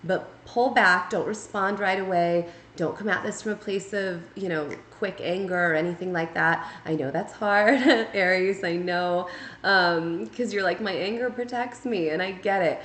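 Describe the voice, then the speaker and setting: A woman's voice: fairly low pitch, steady tone, a little slow, a bit bright, a little hiss or hum. A woman giving a casual spoken tarot reading, talking conversationally and checking in often with "right?" and "okay?". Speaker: tarot reader. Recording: echoey room.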